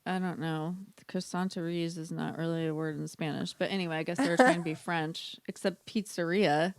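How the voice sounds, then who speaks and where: A woman's voice: lowish voice, steady tone, fairly quick, no room sound. A woman in her forties co-hosting a podcast, joking, teasing and swearing freely in casual chat. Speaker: podcast co-host.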